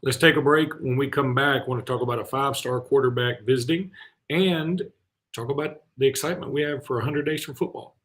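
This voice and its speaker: A man hosting a sports talk show, chatty and rambling, and quick to poke fun at himself. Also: mid-range voice, a bit bright. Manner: chatty, rambling, self-deprecating. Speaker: host.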